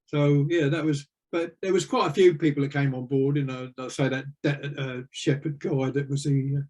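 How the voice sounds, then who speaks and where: A man's voice: mid-range voice, fairly even intonation, normal speed, darkish tone. An older man, a retired navy veteran, telling rambling anecdotes with lots of fillers in an interview. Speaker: interview guest. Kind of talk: casual storytelling.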